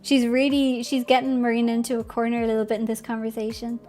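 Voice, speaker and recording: A woman streamer muses over the story of the game she is playing. She hesitates and searches for words, and her voice is very high. Faint game music plays in the background. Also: flat delivery, fast, warm tone. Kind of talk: live game commentary.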